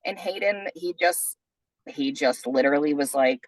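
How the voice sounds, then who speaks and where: A woman's voice: deep voice, moderate pace, no room sound, rough recording. A woman podcast host telling a personal story in a chatty way, full of "like" and "you know". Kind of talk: casual storytelling.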